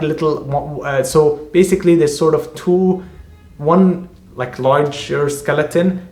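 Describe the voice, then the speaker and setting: A man, an author, describing his novel in a casual, rambling way, full of halting restarts and fillers. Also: mid-range voice. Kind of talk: casual book discussion. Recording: echoey room.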